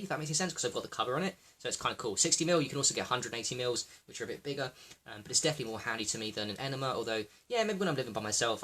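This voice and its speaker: A man hosting a livestream, rambling excitably, swearing freely and talking to viewers by name. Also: medium pitch. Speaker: livestream host.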